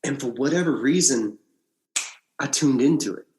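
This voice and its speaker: A man from Alabama, a podcast guest, recounting his past in animated casual storytelling, often restarting his sentences. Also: moderate pace, a little hiss or hum. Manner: animated storyteller, frequent restarts and big pitch swings. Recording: echoey room.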